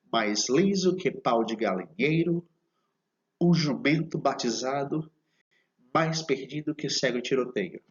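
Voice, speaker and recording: A man teaching idioms in a video lesson, speaking slowly and explaining patiently. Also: medium pitch, dull audio. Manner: slow, explanatory, repeats phrases and checks with "okay?". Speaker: Portuguese teacher.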